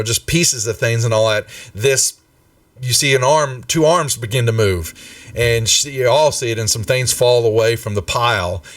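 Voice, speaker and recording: A man's voice: mid-range voice, fairly bright tone, no echo, distant mic. A man narrating a tabletop game as game master in a loose, conversational way, often searching for words.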